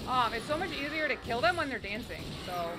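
Bubbly high-voiced woman gamer. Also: sing-song, brisk. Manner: bubbly, squeals and cheers at the game. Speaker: gaming streamer. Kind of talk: excited let's-play commentary. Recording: game music playing behind. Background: game music.

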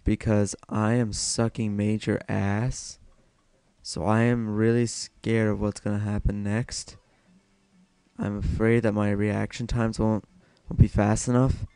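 A man's voice: fairly low pitch, little pitch movement, measured pace, dark tone, smooth, no room sound. A young man giving casual solo gameplay commentary, self-mocking and swearing a lot as he mutters to himself.

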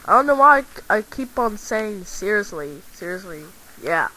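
A woman's voice: mid-range voice, very animated, normal speed, sharp tone, low-quality recording. A woman voicing an angry male toy action figure in a home-made toy video, rambling and repeating herself. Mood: angry, ranting.

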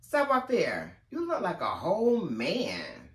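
Male vlogger, chatty rambling talk, lively swooping pitch, roomy echo. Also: slow pace. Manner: rambling, chatty, animated storytelling. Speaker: lifestyle vlogger. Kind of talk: casual chat to camera. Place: at home.

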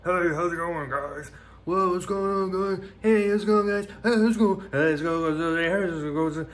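A man's voice: high-pitched, normal speed, a bit bright, voice pushed up. A man putting on the voice of an overeager online video host who greets his fans in a bouncy, repetitive way. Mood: peppy.

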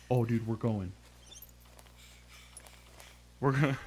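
A man's voice: lowish voice, a little slow, pauses often, low-quality recording. A young man giving casual, exasperated commentary on a game he is playing, swearing and mocking its glitches. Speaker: gameplay commentator.

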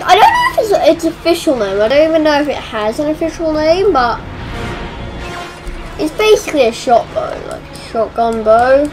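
A young woman casually commenting on her gameplay in an excitable, chatty way. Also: high voice, normal speed, low-quality recording. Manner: excitable, chatty, exclaiming at the action. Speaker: let's play gamer. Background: game music.

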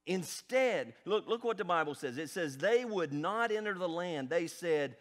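A male pastor preaching a fervent sermon in a church. He swings from hushed to loud and calls questions out to the congregation. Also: sits high, animated, unhurried. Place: church sanctuary.

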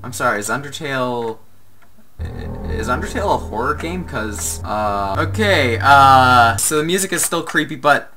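A man commenting on a video game as he plays, halting and reactive, with lots of fillers. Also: mid-range voice, expressive, bright, forceful tone. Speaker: gamer. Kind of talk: let's play commentary. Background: game music.

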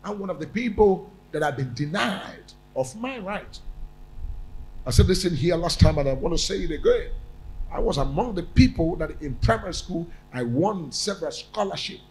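Male prophet-preacher, slightly high voice, emphatic and repetitive, stammers on restarts. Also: lively intonation, moderate pace, darkish tone, poor audio. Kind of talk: sermon.

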